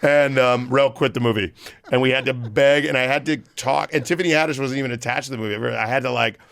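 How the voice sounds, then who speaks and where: A man's voice: medium pitch, quick pace, gravelly, a bit bright. A man guest on a podcast, telling a story in a rambling, casual way with many fillers. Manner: rambling, lots of "like" and restarts.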